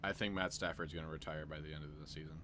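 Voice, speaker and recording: A young man hosting a casual sports podcast, giving predictions with excitable bursts. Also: a bass voice, racing, background noise. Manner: excitable, loud bursts and laughs. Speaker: podcast host.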